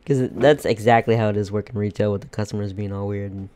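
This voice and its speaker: A man's voice: lowish voice, steady tone, fast, dark tone. A young man co-hosting a casual chat podcast, joking, laughing often and swearing freely. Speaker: podcast co-host.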